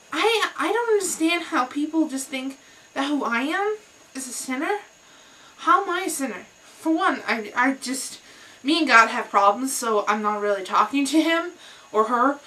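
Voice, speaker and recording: A young woman telling a heated personal story in a vlog rant, animated and full of fillers. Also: high voice, moderate pace, far from the mic, poor audio. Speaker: vlogger.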